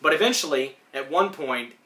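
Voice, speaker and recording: A man's voice: fairly high pitch, animated, moderate pace, background noise. A man hosting a podcast, giving a casual, rambling, enthusiastic recap of a cartoon, full of fillers. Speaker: podcast host. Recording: roomy echo.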